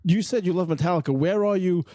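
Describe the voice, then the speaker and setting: A man's voice: sits high, quick pace, warm tone, no room sound, studio quality. A man with a New York accent mixing Brooklyn and Long Island, a podcast guest talking bluntly and swearing freely. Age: older. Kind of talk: casual podcast chat.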